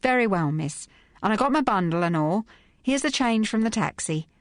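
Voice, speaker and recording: A woman's voice: lively intonation, moderate pace, no echo, clean studio sound, natural voice. A woman reading an audiobook, voicing a prim, earnest young working-class maid in a lifted, respectful voice. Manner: prim, respectful, higher and brighter.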